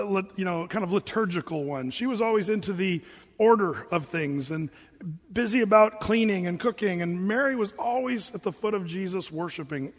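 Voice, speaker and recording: Man, preacher, high voice, conversational sermon, joking asides, long hall echo. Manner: conversational, joking asides between scripture readings.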